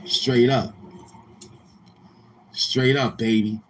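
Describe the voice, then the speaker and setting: A man's voice: mid-range voice, steady tone, extremely slow, husky. A man hosting a livestream, chatting casually with viewers in a boastful, crude, repetitive manner. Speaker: livestream host.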